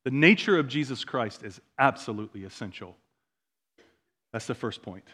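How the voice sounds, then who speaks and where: A man pastor preaching a sermon in a church, moving between quiet, slow asides and loud, emphatic declarations. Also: medium pitch, expressive, slightly rough. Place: church sanctuary.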